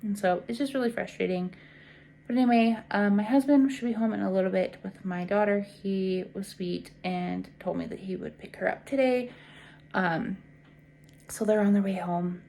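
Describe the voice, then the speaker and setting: A teacher in her twenties vlogs straight to the camera, frank and weary, venting with frequent fillers and words that trail off softly. Her gravelly voice sits in the mid-range at a normal speed.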